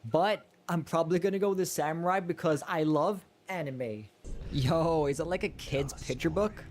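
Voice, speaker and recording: A goofy, over-hyped young gamer, as a man puts on a voice for a joke video. He speaks with a put-on accent in a slightly high voice. He tosses out absurd jokes with wide-eyed excitement. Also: moderate pace, slight background noise, natural voice. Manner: excited, hype-driven, absurd deadpan jokes. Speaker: video creator.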